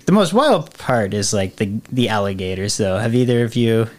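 A man's voice: on the low side, animated, normal speed, a crowd in the background. A man chatting casually as a podcast guest, from the American South, telling stories in a laid-back, rambling way full of fillers and laughs. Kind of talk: casual chat.

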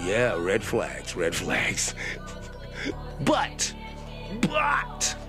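A man's voice: fairly low pitch, wildly swooping pitch, drawn-out words, music in the background. A man hosting a podcast, riffing in crude, rambling comedic commentary with a sing-song delivery. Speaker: podcast host.

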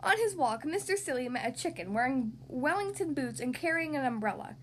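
Woman reading children's stories aloud, high voice, expressive; faint background hiss. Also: brisk. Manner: expressive, animated storytelling. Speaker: podcast host and story reader. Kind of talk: children's story read-aloud.

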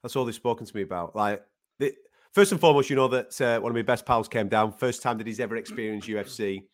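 A man co-hosting a sports podcast in casual chat. He is animated and swears casually. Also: on the low side, fast. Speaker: podcast co-host.

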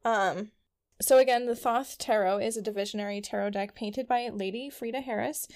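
A woman's voice: a little high, normal speed, darkish tone. A young woman co-hosting a casual podcast, reading from her notes with frequent ums and stumbles over hard words. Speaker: podcast co-host.

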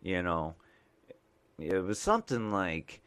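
A man's voice: low-pitched, expressive, takes it slowly, a bit bright, clear, resonant tone. A man from the United States, a mailman and podcast host, rambling casually with lots of fillers and restarts.

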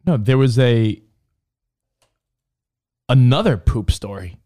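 A man's voice: mid-range voice, expressive, takes it slowly, dark tone. A man co-hosting a radio show, telling rambling stories and acting out quotes in casual banter. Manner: rambling storyteller, acts out quotes.

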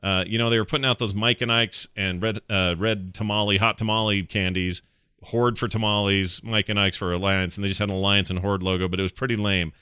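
A man's voice: on the low side, level tone, brisk, sharp tone, smooth, no echo, clean studio sound. A man hosting a casual gaming podcast, chatting enthusiastically and joking as he rambles through the news. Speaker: podcast host.

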